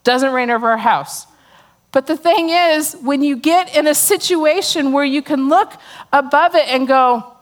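A woman's voice: high-pitched, a little slow. A middle-aged woman giving a humorous testimony talk to a church audience, telling a story with sarcastic asides and frequent laughter. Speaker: speaker at a church gathering.

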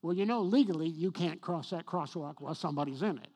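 Speaking fast in a slightly high, husky voice, a middle-aged pastor shares a personal story in his sermon. He moves between quiet, hushed moments and loud, emphatic bursts.

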